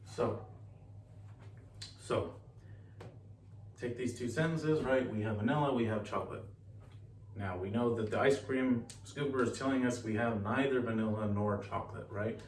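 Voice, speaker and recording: A man's voice: mid-range voice, normal speed, pauses often. Man teaching in an echoey room. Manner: relaxed, chatty, self-correcting. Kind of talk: casual recorded lecture. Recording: echoey room, distant mic, faint hiss.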